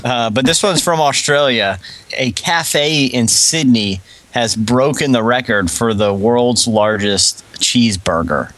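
A man's voice: medium pitch, takes it slowly, a bit bright, no room sound. Laughing man retelling odd news. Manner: chuckles often while retelling odd news. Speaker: podcast co-host reading news stories. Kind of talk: casual podcast chat.

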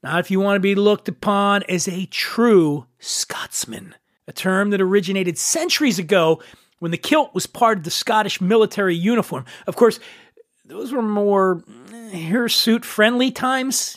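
Gravelly, sarcastic male comedy host. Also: high-pitched, no room sound, studio quality. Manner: crude, mock-macho sarcasm. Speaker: podcast host. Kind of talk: comedic monologue.

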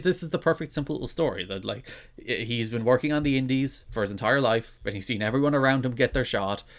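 A man's voice: medium pitch, fairly bright tone. A man co-hosting a casual wrestling podcast, wry and opinionated. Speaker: podcast co-host.

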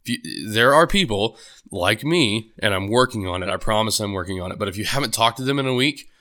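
Rambling young man, bright voice. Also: lowish voice, animated, brisk. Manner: rambling, casual, many fillers and restarts. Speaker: podcast host. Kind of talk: solo podcast monologue.

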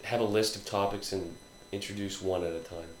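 Deep-voiced blunt man with a cold. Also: fairly even intonation, fairly quick, roomy sound, rough recording. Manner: teasing, blunt and profane. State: has a cold. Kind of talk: casual crude banter.

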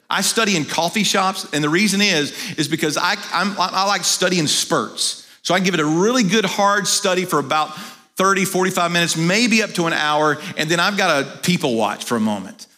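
A man's voice: a little high, expressive, moderate pace, bright, forceful tone. A middle-aged male pastor giving a sermon, telling stories in a conversational way and acting out quotes. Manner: conversational storytelling with acted quotes.

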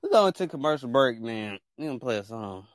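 A man hosting a casual podcast, joking around in animated, slangy banter and repeating himself often. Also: mid-range voice, brisk, no room sound, studio quality. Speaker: podcast host.

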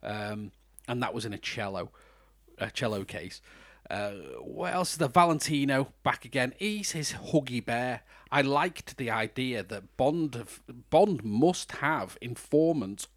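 British man, lively chatty podcast host. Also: mid-range voice, measured pace, no echo, studio quality. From Britain. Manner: chatty, laughs often, breaks into mock voices. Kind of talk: casual film review chat.

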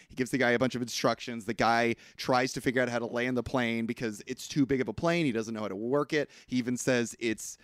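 A man's voice: mid-range voice, steady tone, brisk, few pauses, clear, resonant tone, no room sound, clean studio sound. A man co-hosting a podcast, chatting casually about an old film, laughing often as he retells scenes. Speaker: podcast co-host. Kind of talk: casual film discussion chat.

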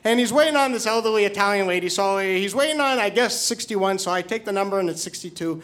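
A middle-aged man telling a live story, excitable, stumbling over repeated words. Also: sits high, fast talker. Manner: excited, stammering repetitions.

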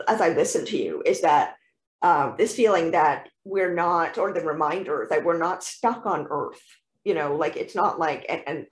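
Effusive woman podcast host, echoey room. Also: low voice. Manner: effusive, encouraging and warm in praise. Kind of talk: podcast interview.

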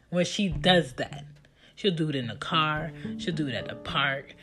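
A woman in her thirties casually telling stories about her children in an animated, chatty way. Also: deep voice, a little slow. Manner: animated, chatty, acts out her kids' lines. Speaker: mother telling family stories. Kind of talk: casual storytelling. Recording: guitar music playing behind the voice.

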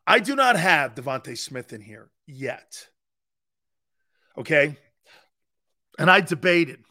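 A man's voice: on the high side, slow. A male sports talk show host bantering with live chat, teasing and sarcastic, laughing often and repeating himself. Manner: animated, repeats words and restarts.

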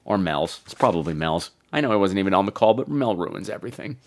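A man hosting a podcast, chatting casually and reacting to voicemails with theatrical swings from low mutters to high squeals. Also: lively intonation, fast talker, a little mellow. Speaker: podcast host reading voicemails. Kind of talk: casual chat.

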